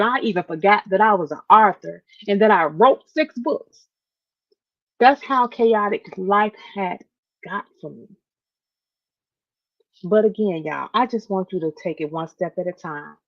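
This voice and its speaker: Emotional woman podcast host, low-pitched. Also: vocal fry. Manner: emphatic, repeats phrases, addresses listeners as y'all. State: near tears. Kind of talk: heartfelt podcast talk to listeners. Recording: dull lo-fi audio.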